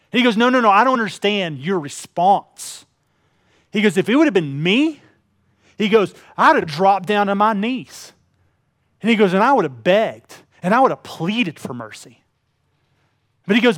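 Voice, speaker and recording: A man preaching a sermon, telling a personal story earnestly, dropping to hushed tones and then building in intensity. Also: sits high, dry recording, studio quality. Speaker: pastor.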